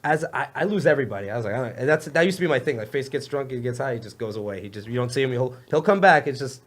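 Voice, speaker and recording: A man's voice: mid-range voice, expressive, very fast. A young man telling a rambling story in casual podcast chat, laughing often and jumping between tangents. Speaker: comedian guest.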